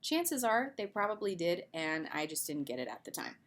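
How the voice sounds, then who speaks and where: A woman's voice: lowish voice, big pitch swings, moderate pace. Casual woman teaching a lesson. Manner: conversational, with fillers and asides. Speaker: English teacher. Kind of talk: recorded video lesson.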